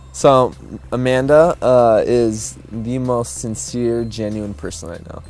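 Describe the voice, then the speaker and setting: A man's voice: mid-range voice, slow. A young man in his twenties tells how he met and proposed to his fiancée, easygoing and chuckling, with many fillers. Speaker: groom-to-be telling his love story. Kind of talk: casual interview storytelling. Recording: soft music underneath.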